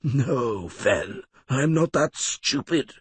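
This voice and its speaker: A man's voice: mid-range voice, lively intonation, takes it slowly, breathy edge, dry recording, full character voice. A man voicing a cunning, sickly male lawyer who sneers with cynical scorn, in an audiobook. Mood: scornful.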